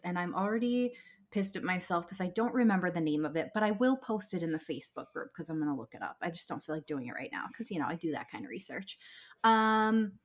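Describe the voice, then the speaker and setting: A woman's voice: fairly low pitch, a bit bright. An American woman co-hosting a podcast in a casual chat, emphatic and gushing, restarting her sentences often. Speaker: podcast co-host.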